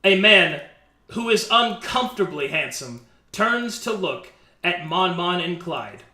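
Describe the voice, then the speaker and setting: A man's voice: sits high, sing-song, a little slow, bright, forceful tone, echoey room. A man narrating as game master for a tabletop game in a casual, chuckling way.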